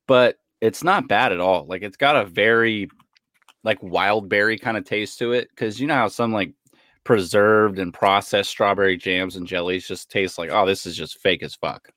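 A man's voice: fairly low pitch, normal speed, dry recording, studio quality. A man co-hosting a podcast, chatting casually and swearing freely while he tastes food on camera. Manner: profane, chatty, animated while eating. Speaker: podcast co-host.

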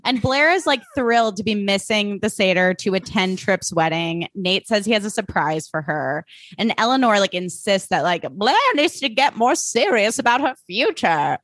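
Casting: young woman, enthusiastic podcast co-host, mid pitch, dry close mic. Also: expressive, normal speed, a bit bright, no echo. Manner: enthusiastic, filler-heavy. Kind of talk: casual chat recapping a TV show.

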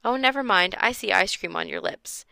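A woman's voice: medium pitch, moderate pace, creaky, bright, forceful tone, clean tone, no echo. A woman reading a storybook and voicing a friendly, teasing father who likes to spook the children.

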